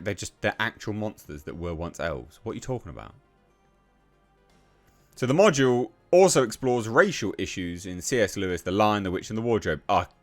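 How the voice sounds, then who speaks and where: An English man with a fairly low voice reads passages aloud and then fires back with blunt, profane scorn. His pitch swings widely as he rants. It sounds like an online commentary rant on a news article.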